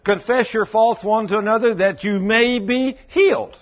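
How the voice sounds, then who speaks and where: A man preaching a sermon, telling stories in a folksy way and acting out the dialogue. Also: moderate pace. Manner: folksy, acts out dialogue, drops to low intense tones. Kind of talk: sermon storytelling. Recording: dull lo-fi sound.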